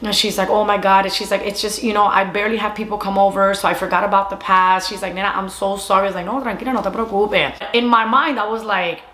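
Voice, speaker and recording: Chatty woman telling a story. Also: medium pitch. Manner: animated, quick retelling with quoted dialogue. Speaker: vlogger. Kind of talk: casual storytime monologue. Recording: echoey room.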